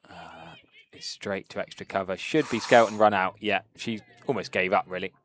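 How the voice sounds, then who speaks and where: A man calling live cricket with an eager, lively delivery that jumps up whenever a shot is struck. His voice sits fairly low. A faint hiss of noise runs underneath. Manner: lively, quick to laugh, excitable on big shots. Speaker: cricket commentator.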